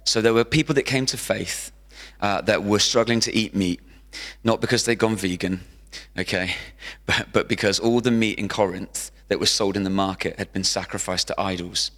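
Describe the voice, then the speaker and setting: A man preaching a sermon from a church stage, lively and animated, often repeating key phrases for emphasis. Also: fairly low pitch, moderate pace. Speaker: pastor. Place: church hall with an audience. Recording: long hall reverb.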